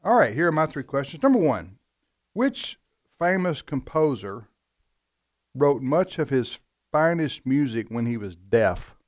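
Male co-host, animated pitch, jokey and mock-stern. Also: a little slow, no room sound, clean studio sound. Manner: joking, mock-serious, chuckles often. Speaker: radio show co-host. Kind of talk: casual chat, trivia questions.

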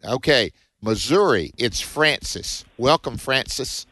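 Fast, emphatic man hosting a prayer show. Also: medium pitch, expressive, sharp tone, no room sound. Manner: fast, emphatic preacher-like delivery. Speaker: radio show host.

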